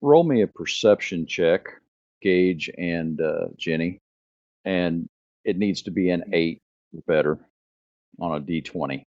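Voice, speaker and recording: A man who is the game master, describing scenes in a laid-back, halting way and asking the players what they do. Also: low-pitched, a little mellow, dry recording. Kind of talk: narrating a tabletop game. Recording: muffled lo-fi audio.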